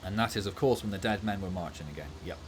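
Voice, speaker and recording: A man's voice: sits low, fast talker, a little hiss or hum. Chatty, jokey male game streamer. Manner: chatty, jokey, laughs easily. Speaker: gaming streamer. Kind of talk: casual livestream gameplay chat.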